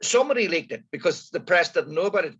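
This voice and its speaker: A man co-hosting a casual political chat, hesitant and halting with many restarts. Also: on the high side, sing-song, fairly bright tone, breathy edge. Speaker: co-host of a current affairs podcast. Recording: muffled lo-fi audio.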